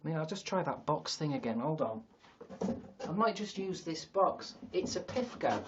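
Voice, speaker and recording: A man's voice: on the high side, expressive, normal speed, muffled recording, background noise. A man with a Yorkshire accent, rambling and self-mocking on a casual livestream from an attic, with some swearing. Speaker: livestream host. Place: sister's attic.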